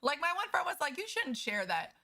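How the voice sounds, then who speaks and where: A woman's voice: high-pitched, big pitch swings, brisk, bright, forceful tone. A woman livestreamer chatting casually with her viewers, candid and profane as she vents. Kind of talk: casual chat with stream viewers.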